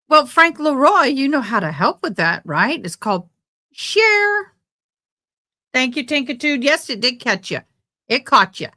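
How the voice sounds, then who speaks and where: A woman's voice: high voice, pushed and bright. A woman hosting a casual livestream, chatting and reading out viewer comments. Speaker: livestream host covering a trial. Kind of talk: casual live chat.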